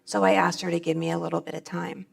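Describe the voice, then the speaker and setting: A woman's voice: lowish voice, level tone, quick pace, gravelly. A middle-aged woman speaking on stage at a convention, giving a plainspoken, folksy personal testimony.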